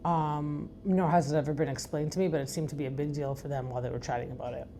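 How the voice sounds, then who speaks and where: A middle-aged woman from Iran with a deep, raspy voice, hosting a podcast in a frank, rambling, chatty way. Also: steady tone, fast, dark tone, a little hiss or hum. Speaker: podcast host. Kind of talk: casual recap chat.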